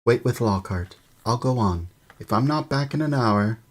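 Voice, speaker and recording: A man's voice: lowish voice, normal speed, pitched above the performer's own voice, lightly acted. A man voicing a brave but frightened teenage boy wizard in a storybook reading, with raised, tense calls.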